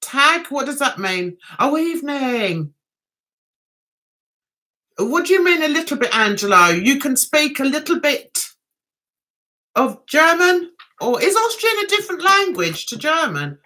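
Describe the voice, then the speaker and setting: A woman's voice: high-pitched, big pitch swings, measured pace, bright, forceful tone. A woman from England hosting a casual livestream chat, reading out viewer comments and giggling often. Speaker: livestream host.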